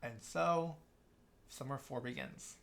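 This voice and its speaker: Against a noisy background, a young podcast guest tells a long, rambling story in casual chat, restarting often and acting out what others said. His medium-pitched voice is gravelly, swings widely in pitch, and moves slowly.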